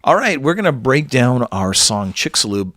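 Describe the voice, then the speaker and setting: A man's voice: medium pitch, very animated, normal speed, noisy background. A man hosting a podcast in a playful, upbeat manner, chatting casually into a podcast microphone. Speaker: podcast host and guitarist.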